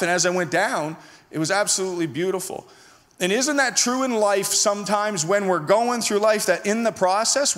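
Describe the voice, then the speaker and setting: Guy preacher telling a story, voice sits high, lots of reverb from the hall. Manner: animated, acts out his own lines in a higher voice. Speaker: pastor. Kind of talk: sermon storytelling.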